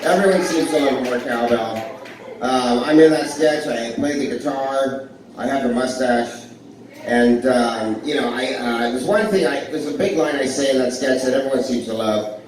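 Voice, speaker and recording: A male comedian in a small club riffs with the audience, self-deprecating and rambling, restarting often and using many fillers. His mid-range voice keeps a moderate pace amid background noise, recorded from a distance with echo.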